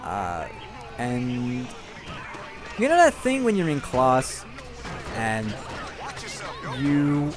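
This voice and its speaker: A man's voice: mid-range voice, wildly swooping pitch, extremely slow, long pauses, music in the background. A young man telling a long, rambling personal story over gameplay, candid and casual with frequent swearing. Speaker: gameplay commentator.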